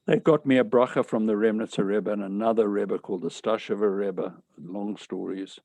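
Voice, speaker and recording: A man's voice: fairly low pitch, steady tone, normal speed, darkish tone, no room sound. An older man telling a personal story to an audience in an earnest, emotional way, often retelling what others said to him. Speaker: speaker telling his life story.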